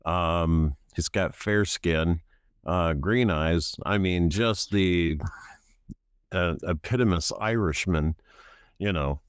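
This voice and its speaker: A man describing his character at a tabletop game. His voice is very deep, and he speaks slowly, with lots of uhs and ums. The sound is dry and close. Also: smooth, no room sound. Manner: hesitant, many fillers. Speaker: player.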